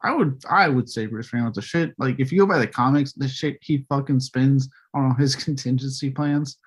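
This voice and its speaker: A man's voice: mid-range voice, normal speed, breathy edge. A man co-hosting a casual movie talk show, who swears freely, laughs, and acts out characters. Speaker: podcast co-host.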